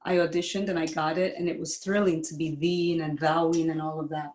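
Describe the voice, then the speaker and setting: Woman from Dominica, chatty performer, somewhat low voice, heard in an echoey room over a video call. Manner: lively, quick and laughing. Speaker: guest performer.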